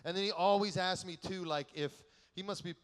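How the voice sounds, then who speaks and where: A man giving a keynote sermon at a youth conference, telling stories in an animated, joking way and acting out the people in them. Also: high voice, fairly quick. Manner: animated, joking storyteller who acts out quotes. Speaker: keynote speaker. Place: large conference hall. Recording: echoey large hall.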